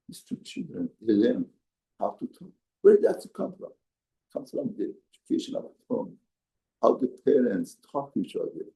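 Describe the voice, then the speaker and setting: A man's voice: creaky, warm tone. A man, a rabbi, giving an emphatic mussar lesson in a study hall. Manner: emphatic, acts out quoted voices with raised pitch. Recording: echoey room.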